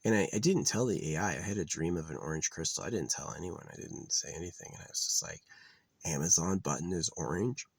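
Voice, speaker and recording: A man's voice: sits low, animated, fast talker, creaky, few pauses, husky, no room sound. A man vlogging outdoors in a rambling, profane, casual monologue that trails off into mutters. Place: outdoors in nature.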